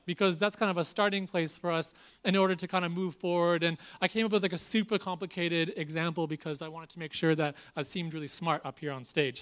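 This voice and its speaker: High-voiced, smooth-toned young preacher man. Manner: earnest and animated, with self-deprecating humor; preaches with lots of repetition. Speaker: pastor. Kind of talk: sermon. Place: church stage.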